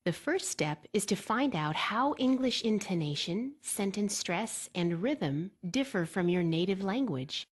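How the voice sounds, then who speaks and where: A woman reading a scripted exam-preparation lesson in a clear, measured way, slowing down to model example words. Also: medium pitch. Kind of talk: scripted instructional narration.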